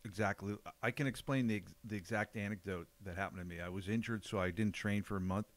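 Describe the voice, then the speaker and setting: A man's voice: fairly low pitch, steady tone, fast. An older man co-hosting a podcast, telling stories and giving blunt, emphatic coaching advice in casual chat. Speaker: podcast co-host, jiu-jitsu coach.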